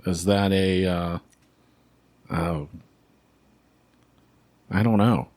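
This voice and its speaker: Deep-voiced man thinking aloud. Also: steady tone, extremely slow, a little mellow, no echo. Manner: hesitant guesser, thinks aloud with "um". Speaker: podcast co-host answering quiz. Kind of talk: casual chat.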